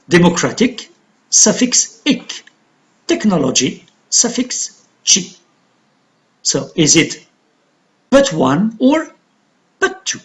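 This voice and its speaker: A man teaching an English lesson on word stress, explaining slowly and counting syllables aloud. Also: high voice, fairly bright tone. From Algeria.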